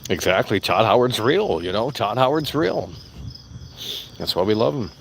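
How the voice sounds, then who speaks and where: A man with a deep, low voice rants casually while outdoors, swearing freely and circling back over his points. Faint crickets and insects chirp in the background. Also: expressive, normal speed, creaky, slight background noise. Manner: profane, blunt, repeats himself. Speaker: vlogger. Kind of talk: casual rambling rant. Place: outdoors among plants.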